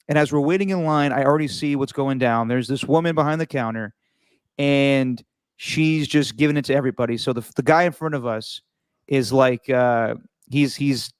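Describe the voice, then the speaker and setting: A man hosting a podcast, telling a travel story in a casual, animated way with frequent restarts. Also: medium pitch, clean tone, no echo. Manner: animated, repeats words and restarts while telling stories. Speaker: podcast host.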